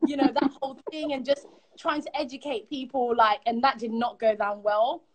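A young woman telling a personal story as a guest, animated and quick, acting out the voices of others. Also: a little high. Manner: animated, quick, acts out quotes.

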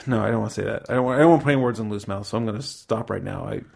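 A man's voice: lowish voice, rapid-fire, gravelly, a little mellow. A man hosting a podcast in casual chat, rambling and correcting himself, with easy laughs. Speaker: podcast host.

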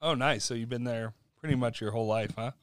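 A man's voice: mid-range voice, quick pace, clean tone. A man hosting a casual podcast chat, telling stories and laughing often. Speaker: podcast host. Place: Utah.

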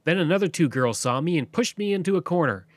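Lively male history narrator, dry sound. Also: on the high side, fast, dry recording. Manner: lively storytelling. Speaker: podcast host.

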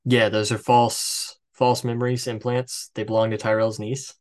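A man's voice: medium pitch, little pitch movement, normal speed, a little mellow. A man hosting a podcast, recapping a film plot from his notes in a casual, chatty way, with swearing and joking asides. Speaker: podcast host. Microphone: headset.

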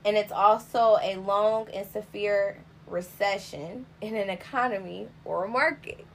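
A woman's voice: mid-range voice, a little slow, creaky, slight background noise. A young adult woman in casual podcast chat, speaking earnestly and reflectively in long explaining sentences.

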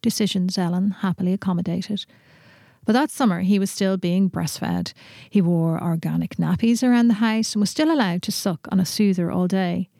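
A woman reading a literary short story aloud in a steady, measured way in a studio. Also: lowish voice, gravelly, dry recording.

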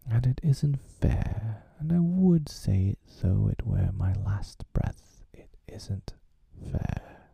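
A man voicing a pompous, self-pitying father in a whispered role-play with a gravelly voice. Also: on the low side, lively intonation, slow pace, few pauses, dark tone, no echo, full character voice.

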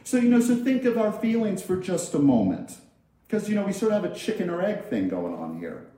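A male minister delivers a sermon in a chatty, conversational way, often repeating phrases. His voice sits high and moves a lot, with a mellow, soft tone. The sound carries strong echo from a large hall. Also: huge pitch swings, brisk. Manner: conversational, repeats phrases and acts out everyday quotes. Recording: very echoey hall.

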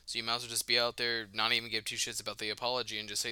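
A man's voice: mid-range voice, level tone, racing, hardly any pauses, pushed and bright, smooth, dry recording. A man co-hosting a casual sports podcast, brash and heated, swearing heavily. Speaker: podcast co-host.

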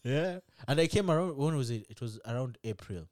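A man's voice: medium pitch, expressive, brisk, loud music behind the voice. A man from Africa with an African accent, co-hosting a casual chat and telling stories in an easygoing way, often ending phrases with "bro". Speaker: co-host.

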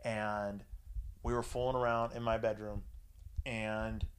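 A man's voice: flat delivery, unhurried, clean tone, low-quality recording. A man in his forties telling a crude personal story in casual chat, swearing freely. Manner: crude, swears freely, mimics others in higher voices. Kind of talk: casual profane anecdote.

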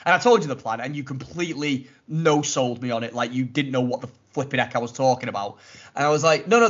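Animated man telling a story. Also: a little high. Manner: animated, mocking retelling with acted-out quotes. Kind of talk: casual storytelling. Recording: lo-fi muffled audio.

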